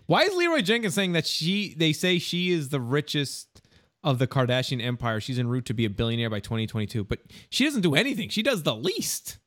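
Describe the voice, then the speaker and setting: A man's voice: fairly high pitch, very animated, a little fast, a bit bright, dry recording, studio quality. Wry male podcast co-host. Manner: wry, joking asides. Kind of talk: casual banter.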